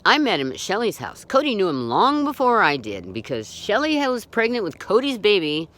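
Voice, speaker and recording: At a moderate pace, a woman with a mid-range, fairly bright voice and huge pitch swings tells her personal story without a script. She's indignant and agitated, speaks bluntly with swearing, and often starts her sentences over.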